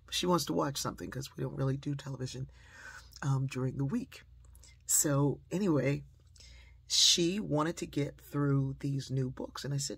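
Very husky gravelly older woman storyteller. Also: very deep voice, moderate pace. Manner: drops into soft whispers for emphasis. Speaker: speaker sharing a personal lesson. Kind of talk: storytelling with a moral, sermon-like.

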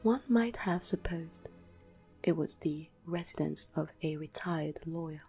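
A woman reading a classic story aloud in a slow, hushed ASMR whisper. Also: low-pitched. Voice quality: breathy whisper. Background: soft classical music.

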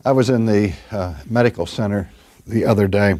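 A man's voice: fairly low pitch, moderate pace, darkish tone. An older man, a pastor delivering a sermon and telling stories earnestly, stretching out key words for emphasis.

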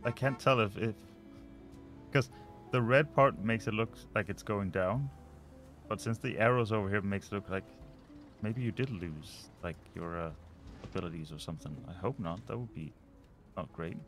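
A man's voice: on the low side, moderate pace, fairly bright tone, faint music behind. A man casually commenting while he plays a management game, often muttering and trailing off as he thinks aloud. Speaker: let's play host.

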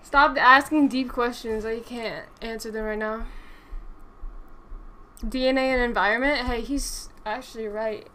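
High-voiced woman streaming a game. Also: fairly even intonation, unhurried, sharp tone. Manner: swears freely, reads and answers chat aloud. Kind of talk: casual live-stream gaming chat.

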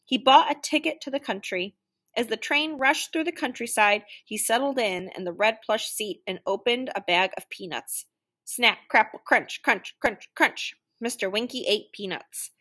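A woman reading a children's story aloud, animated and playing out the noises. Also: a little high, moderate pace. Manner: animated, sound-effect voices for noises. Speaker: children's book reader.

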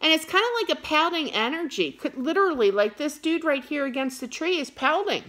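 Animated woman reading tarot, lively pitch. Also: fairly quick. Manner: animated, gets wound up and scolds playfully. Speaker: tarot card reader. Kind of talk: casual tarot reading to camera.

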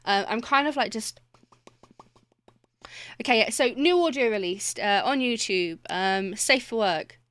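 A woman's voice: a little high, lively intonation, unhurried, long pauses, no echo. Chatty, sweary woman streamer. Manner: rambling, easily distracted, swears freely; laughs often, greets chat warmly. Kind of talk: casual live-stream chat.

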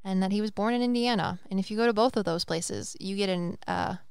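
Chatty excitable woman podcast host, super clear voice, dry close sound, rambles a lot. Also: mid-range voice, a little fast, no room sound. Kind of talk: casual chat.

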